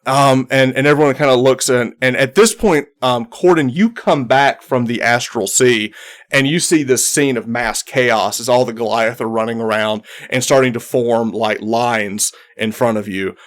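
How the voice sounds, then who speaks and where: A man narrating as game master of a tabletop game, talking in halting runs with many ums and restarts. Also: mid-range voice, fairly even intonation.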